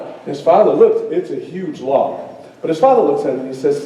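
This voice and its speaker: A man storyteller telling a tale live to an audience in a school auditorium, animated and playful, drawing the crowd in with call and response. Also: high-pitched, moderate pace. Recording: very echoey hall from far off.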